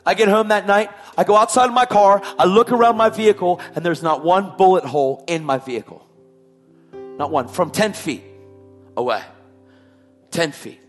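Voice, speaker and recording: A man's voice: high-pitched, moderate pace, soft background music. A man telling his personal testimony in an emphatic way, repeating his phrases for weight. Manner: emphatic, repetitive storytelling. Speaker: testimony speaker.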